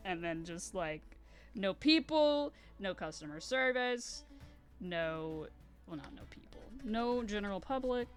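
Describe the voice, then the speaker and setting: A woman's voice: medium pitch, takes it slowly, faint music behind. A woman in her twenties chatting casually on a live stream while she paints, rambling through stories and acting out quotes. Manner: rambling, animated storytelling with acted-out quotes and laughter.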